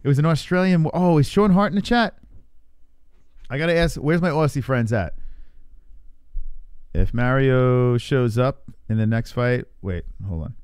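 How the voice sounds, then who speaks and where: A man's voice: medium pitch, moderate pace, long pauses, darkish tone, clean tone, no room sound. Chatty male livestream host, dry sound. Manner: chatty, reads viewer comments aloud and banters. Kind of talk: casual live fight reaction chat.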